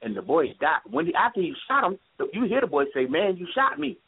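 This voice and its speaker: A man's voice: on the high side, very animated, fast, slight background noise. A man calling in to a talk radio show, talking with passion and repeating his points for emphasis. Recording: tinny phone line.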